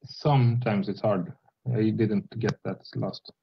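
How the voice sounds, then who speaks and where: A man with a Swedish accent debating on a voice call, speaking haltingly with many restarts and fillers. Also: fairly low pitch, steady tone, creaky, husky, highs cut off. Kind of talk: casual political debate.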